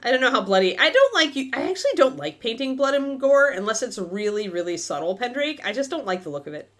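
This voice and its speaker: A chatty woman with a lively, swooping voice hosts a miniature-painting stream. She thinks out loud, drifts between topics and fills pauses with ums and uhs. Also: a little high. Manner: chatty, thinks aloud, many fillers, talks to her dog. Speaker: miniature painting livestream host. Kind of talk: casual chat while painting on a livestream.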